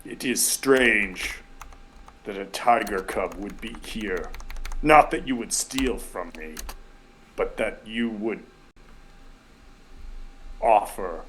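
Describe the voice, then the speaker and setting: A man's voice: lowish voice, a bit bright, rough recording. Koda, a man voicing a grave bear-tribe elder. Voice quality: clear, hearty voice. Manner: slow, grave, measured. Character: solemn bear-tribe speaker named Koda.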